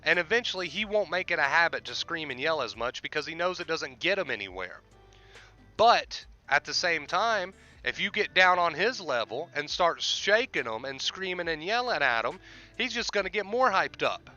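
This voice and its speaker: A man's voice: fairly high pitch, sing-song, normal speed, bright, forceful tone, dull audio, faint music behind. A man hosting a livestream, explaining with repetition and emphasis in casual talk. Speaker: livestream host and life coach.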